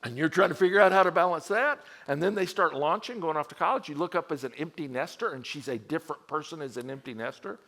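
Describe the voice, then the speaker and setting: A middle-aged male pastor preaching to a men's group in a conversational, storytelling way, full of acted-out quotes and shifts in pitch and loudness. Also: animated, quick pace, hardly any pauses.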